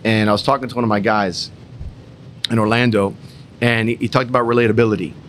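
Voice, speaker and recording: A man's voice: lowish voice, steady tone, fast talker, fairly bright tone, slight background noise. A young man at a business roundtable, telling a personal story in an emphatic, repetitive way with some swearing. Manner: emphatic, repetitive, mildly profane. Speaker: entrepreneur in a roundtable.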